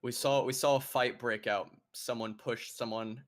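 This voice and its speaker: A man's voice: mid-range voice, fairly even intonation, moderate pace. A man playing in a tabletop game, talking in a casual, matter-of-fact way. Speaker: player.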